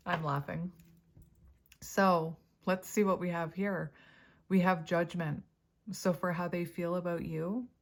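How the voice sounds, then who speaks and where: A woman giving a casual tarot reading to camera, chatty and thinking aloud as she goes, often breaking into laughter. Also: fairly low pitch. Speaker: tarot reader.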